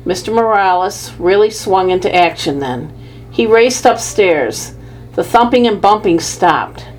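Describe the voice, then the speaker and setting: A woman narrating a children's storybook in the first person, with a measured, lively telling. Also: mid-range voice, a little hiss or hum, low-quality recording. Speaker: audiobook narrator.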